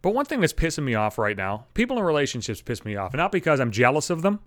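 A man rants bluntly into a microphone at home, swearing nonstop as he vents. His voice sits at an ordinary middle pitch, and the recording is dry and close, with no room sound. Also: sing-song, quick pace, a bit bright, no echo. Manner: heavy swearing, blunt, ranting. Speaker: podcast host. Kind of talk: solo profane rant. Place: home apartment, alone. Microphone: studio microphone.

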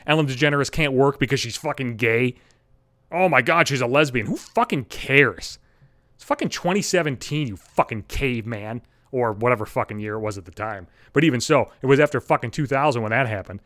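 A man's voice: medium pitch, expressive, a little fast, dry recording, clean studio sound. A young man hosting a podcast, delivering a profane, sarcastic comedic rant. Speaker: podcast host.

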